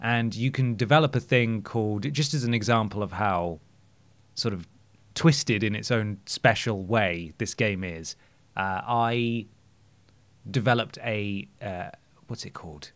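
A man's voice: lowish voice, a little slow. Enthusiastic man co-hosting a podcast. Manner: enthusiastic, rambling with restarts. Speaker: podcast co-host. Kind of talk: casual chat.

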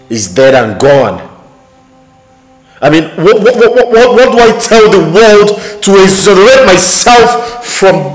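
A man's voice: fairly low pitch, slightly rough, exaggerated voice. An actor with a Nigerian English accent playing an anguished businessman who stammers and repeats himself in distress, with film music behind. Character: anguished city businessman man, pleading and frantic. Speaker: Uchenna, a city businessman. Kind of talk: Nollywood film acting. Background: film score music.

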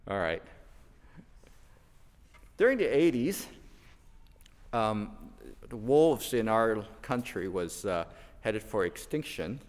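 A man, a pastor, preaching a sermon built on light stories, unhurried and telling them with lively quoted voices. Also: on the low side, clear, resonant tone, big-room sound. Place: church sanctuary.

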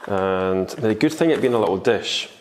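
A Scottish man with a fairly low voice talks through a baking recipe in a chatty, joking way. He is recorded in a kitchen, and steady background noise and clicking sounds are clearly heard behind him. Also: moderate pace. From Scotland. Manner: chatty and jokey, with fillers. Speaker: baking instructor. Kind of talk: casual cooking tutorial.

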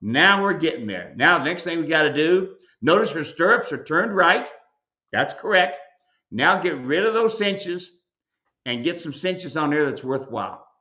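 A man's voice: on the high side, lively intonation, normal speed, sharp tone, lo-fi sound. A man who owns a mule ranch, hosting a live Q&A and lecturing viewers in an emphatic, folksy way. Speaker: mule ranch owner and show host. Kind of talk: live video Q&A commentary.

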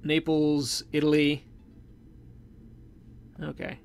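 A man's voice: fairly high pitch, completely flat delivery, slow, creaky, clear, resonant tone. A man giving casual gameplay commentary, chatty and thinking aloud as he plays, often correcting himself mid-sentence. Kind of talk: casual let's play commentary. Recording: game music playing faintly behind.

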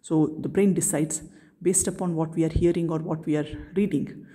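Low, mellow-voiced woman lecturing. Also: fairly even intonation. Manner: measured, explanatory, poses and answers her own questions. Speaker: neuroanatomy lecturer. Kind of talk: recorded video lecture.

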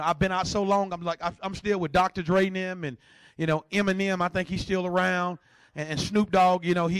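High-pitched guy preaching, jokey, goes from shouting to almost whispering, dry close sound. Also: smooth, dry recording. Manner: animated, joking, swings between shouting and hushed asides. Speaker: pastor. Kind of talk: sermon.

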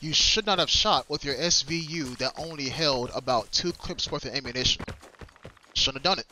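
A man's voice: fairly high pitch, moderate pace, pushed and bright, a little hiss or hum. A man livestreaming a shooter game, giving casual, slangy and profane commentary straight to his viewers and opponents and repeating his own phrases. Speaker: livestreaming gamer.

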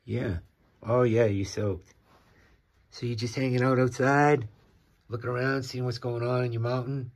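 A man's voice: mid-range voice, fairly even intonation, normal speed, long pauses. A man filming at his mountain home, chatting and teasing his cat in a casual way. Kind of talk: casual talk to a pet. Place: rural mountain home by a fire. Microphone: handheld camera.

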